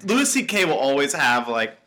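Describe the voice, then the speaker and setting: A young man co-hosting a podcast chats casually and tells stories animatedly, acting out the scenes and quotes he retells. He speaks at a medium pitch and a moderate pace.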